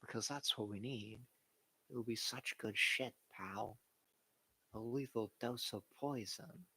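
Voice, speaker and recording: A man doing a gruff old wrestling boss. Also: mid-range voice, unhurried, pushed and bright, full character voice. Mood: growling. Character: gruff older male wrestling boss, menacing and smug.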